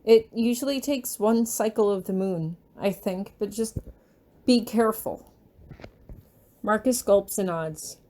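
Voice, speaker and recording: A woman reading her fan fiction aloud in a gentle, unhurried storytelling manner. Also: mid-range voice.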